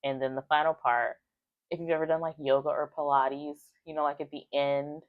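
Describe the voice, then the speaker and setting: A woman's voice: deep voice, flat delivery, normal speed, no room sound, phone-quality sound. A woman casually recapping a book's chapters in a chatty way, full of "like" fillers and bits of acted-out quotes. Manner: chatty, with many "like" fillers, acting out quoted lines. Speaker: book reviewer.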